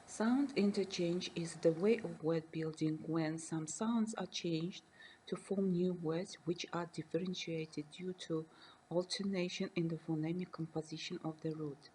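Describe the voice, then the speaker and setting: Woman lecturer, measured and careful delivery, soft dark tone. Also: on the low side, steady tone, slight background noise, poor audio. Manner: reads slowly and carefully, defining terms with examples. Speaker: university lecturer. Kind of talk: recorded lecture reading.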